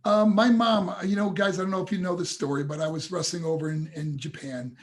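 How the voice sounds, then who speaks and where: Brisk and high-pitched, a man guesting on a podcast via video call tells a personal story with sincerity and feeling. The motivational speaker keeps an even tone and refers to the hosts as "guys."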